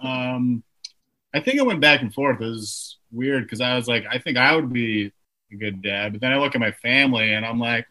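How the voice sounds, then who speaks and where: A young man, a comedian guest on a podcast, joking in a deadpan, self-deprecating way. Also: medium pitch, normal speed. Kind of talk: casual interview chat.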